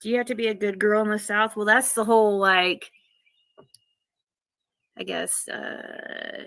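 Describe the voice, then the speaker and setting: A woman chatting casually on a livestream, unhurried and musing aloud as she searches for words. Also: mid-range voice, steady tone, gravelly, a bit bright, dry recording.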